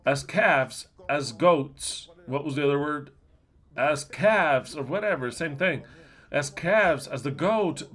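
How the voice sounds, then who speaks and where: A man with a somewhat high voice teaching scripture to a livestream audience. He talks emphatically and keeps firing rhetorical questions, swinging from loud bursts to near-murmurs, and drops blunt, coarse asides. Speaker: Bible teacher.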